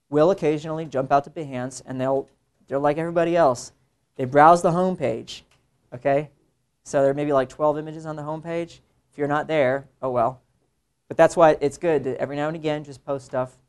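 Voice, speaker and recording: A young man, a working illustrator, lectures a room of students in an easygoing, conversational way. He keeps things animated and now and then mimics other people's voices in quick asides. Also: a little high, clean tone. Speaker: illustrator giving a talk to students. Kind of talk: casual classroom lecture.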